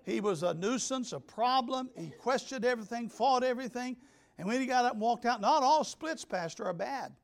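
High-voiced older man preaching emphatically. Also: animated, moderate pace, creaky. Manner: emphatic, repeats key words, swings between loud and soft. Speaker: pastor. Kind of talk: sermon. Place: church.

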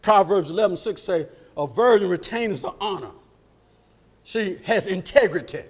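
A middle-aged man preaches in a high voice. His pitch leaps and swings widely as he builds toward shouted peaks. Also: moderate pace. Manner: animated, shouts at peaks and acts out quoted voices. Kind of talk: sermon.

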